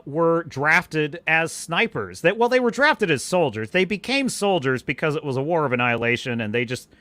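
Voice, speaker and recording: A man hosting a live-stream podcast, delivering a scornful, animated rant with bursts of laughter and reading viewer comments aloud. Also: a little high, no echo. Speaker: podcast host.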